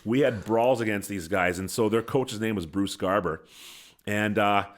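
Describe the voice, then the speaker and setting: A middle-aged former hockey coach telling a lively anecdote as a guest on a podcast, laughing at his own story and acting out what people said, into a studio microphone. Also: lowish voice, normal speed. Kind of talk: animated storytelling.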